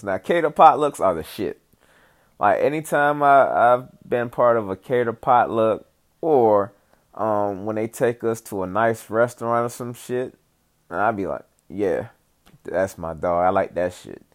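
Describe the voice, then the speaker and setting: A man's voice: medium pitch, fairly bright tone. A man telling a rambling, profane, comedic story in casual chat, full of fillers and asides.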